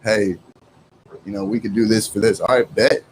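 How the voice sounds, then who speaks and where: A man's voice: on the low side, flat delivery, moderate pace, a little hiss or hum, low-quality recording. A man, a rapper guest giving easygoing answers in a radio interview. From Houston, Texas. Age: 30s. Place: radio studio.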